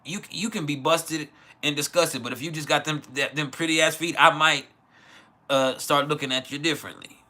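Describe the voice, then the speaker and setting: Running a casual livestream, a man from West Texas replies to chat with blunt opinions and plenty of profanity. He speaks at normal speed in a slightly high, pushed, bright voice with fairly even intonation.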